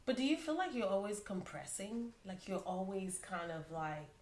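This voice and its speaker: A woman's voice: mid-range voice, sing-song, normal speed, a little mellow, a little hiss or hum. A woman hosting a podcast, asking a guest inquisitive and encouraging questions in a casual tone. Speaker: podcast host. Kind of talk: casual interview. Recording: echoey room.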